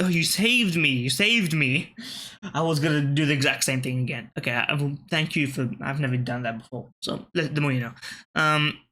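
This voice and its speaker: Bright-voiced man playing web games. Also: fairly high pitch. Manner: thinking aloud, muttering and swearing casually. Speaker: gaming channel host. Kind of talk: let's-play commentary.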